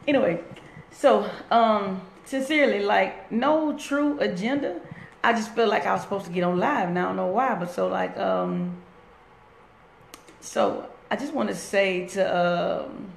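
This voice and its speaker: On a phone live stream from her workplace, a woman gives a loose, rambling motivational talk and keeps breaking off to greet viewers. Her voice is medium-pitched, a little slow and creaky. The room echoes faintly, with some background noise.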